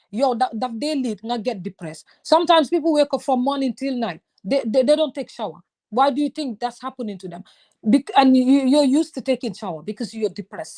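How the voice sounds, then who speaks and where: Casting: woman, 30s, casual chat, lively and talkative, voice a touch high. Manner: animated, switches into Wolof phrases. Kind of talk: casual conversation.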